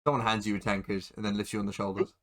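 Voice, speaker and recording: A man's voice: on the low side, little pitch movement, racing. A man running a tabletop game as game master, talking with many fillers and restarts.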